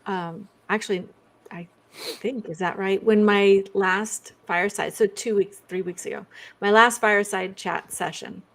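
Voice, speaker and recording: Easygoing woman guest, mid pitch. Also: fairly even intonation, measured pace. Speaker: author and medium guest. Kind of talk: casual interview chat.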